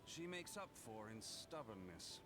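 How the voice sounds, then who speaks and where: A man's voice: lowish voice, very animated, unhurried, very noisy. An actor playing a courteous male guard who speaks formally and protectively, in a video game. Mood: earnest. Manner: formal, old-fashioned speech. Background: game music.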